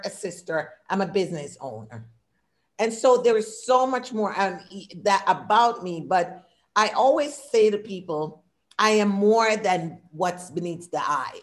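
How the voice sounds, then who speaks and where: Older woman speaking with an accent, low voice. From immigrant. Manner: warm, talkative, speaks in short lists; audible non-native English accent. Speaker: diversity consultant and workshop speaker. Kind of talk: presenting a workshop over a video call. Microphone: video call.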